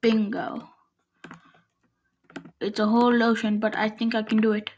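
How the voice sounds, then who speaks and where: A woman's voice: on the high side, flat delivery, measured pace, a little mellow, slight background noise. A woman giving casual gameplay commentary, chatting to herself while she builds. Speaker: gameplay video maker.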